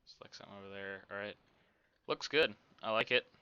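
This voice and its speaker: A man explaining a game build at an unhurried pace, thinking aloud and trailing off into fillers. His voice is low-ish and bright, with a smooth tone. The sound is dry and a bit dull. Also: no echo. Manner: rambling, self-talking, many fillers. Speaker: game development tutorial host. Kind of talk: casual screen-recorded tutorial.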